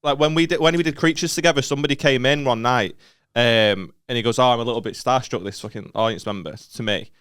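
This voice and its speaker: A man's voice: mid-range voice, quick pace, few pauses, fairly bright tone, clear, resonant tone. A man with a northern English accent co-hosting a podcast, bantering in a laid-back, sweary way full of "like". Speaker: podcast co-host. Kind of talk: casual podcast chat.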